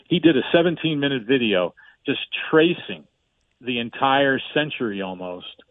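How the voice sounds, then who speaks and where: Halting man on a tinny phone line. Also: mid-range voice, no echo. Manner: halting, many restarts and fillers. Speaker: radio show co-host. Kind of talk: casual sports radio talk.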